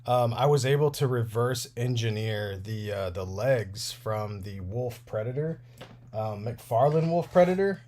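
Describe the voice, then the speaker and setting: Working on action figures during his livestream, a toy repair host in his thirties chats casually, rambling and laughing a lot. He speaks unhurriedly in a medium-pitched, darkish voice.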